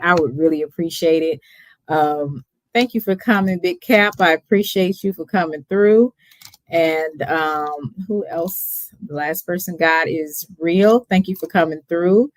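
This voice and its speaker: A woman's voice: fairly low pitch, dry recording. A woman with a Texas accent hosting a casual livestream chat, chatty and hesitant with many ums, often laughing. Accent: Texan. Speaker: host.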